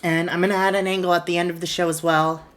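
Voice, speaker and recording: A woman's voice: lowish voice, little pitch movement, fast talker, a bit bright. A woman streamer casually narrating a wrestling booking game, retelling scenes in a chatty way.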